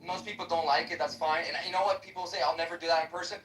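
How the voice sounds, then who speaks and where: Fast, bright-voiced man ranting profanely. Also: on the high side, fairly even intonation, slight background noise. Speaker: debater in a live app chat room. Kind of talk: heated live debate. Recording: echoey, distant livestream audio.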